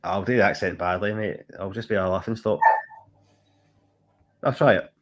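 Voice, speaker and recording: A man's voice: low-pitched, normal speed, a little hiss or hum. A man co-hosting a podcast, chatting casually in a rambling, easily amused way. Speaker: podcast co-host. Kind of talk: casual chat.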